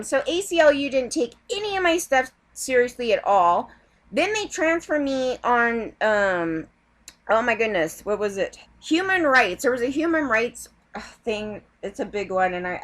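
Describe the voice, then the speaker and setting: A woman's voice: sits high, fairly bright tone. A woman vlogger ranting in a heated, rambling way, swearing often. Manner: heated, profane, rambling rant. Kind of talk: ranting vlog.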